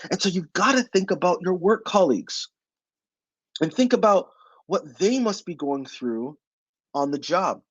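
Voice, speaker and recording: A man's voice: high voice, lively intonation, measured pace, breathy edge, dry recording, poor audio. A man giving a motivational webinar talk as the presenter. He speaks emphatically and asks his audience many rhetorical questions.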